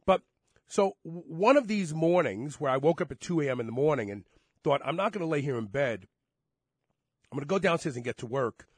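A man hosting a talk radio show, congested and sick, rambling with animated swings from quiet asides to loud emphasis. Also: mid-range voice, slightly rough, no room sound. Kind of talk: casual talk radio chat.

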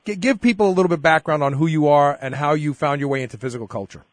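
A male radio host whose voice sits a little high for a man. He rambles, repeats himself and leans on fillers as he chats with a guest. The sound is dry and close, with no room around it. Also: very fast, dry recording. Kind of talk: casual interview chat.

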